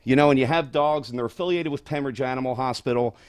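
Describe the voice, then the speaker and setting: A man's voice: medium pitch, fast talker. A man with a mid-range voice speaks as an interview guest. He describes a charity event plainly and in a friendly tone. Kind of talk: interview answers.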